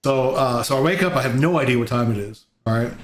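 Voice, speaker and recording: A man's voice: medium pitch, fast, slight background noise. A man hosting a casual interview on a video call, rambling through stories with many fillers. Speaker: host. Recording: echoey room with faint ambience.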